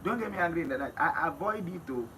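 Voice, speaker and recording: A man with a Nigerian accent, talking emphatically in a casual interview, often laughing and swinging between loud outbursts and hushed remarks. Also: a little high, expressive, fast talker. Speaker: interview guest. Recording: distant mic with noisy background.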